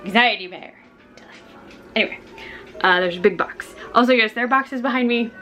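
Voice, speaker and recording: A woman chatting casually to camera in her home kitchen, talking through her week, excitable and prone to squealing when something delights her. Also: a little high, fairly quick, faint music behind. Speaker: vlogger.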